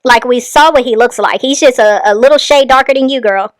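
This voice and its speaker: A woman host giving pointed, critical commentary in a deliberate way. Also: sits high, no room sound.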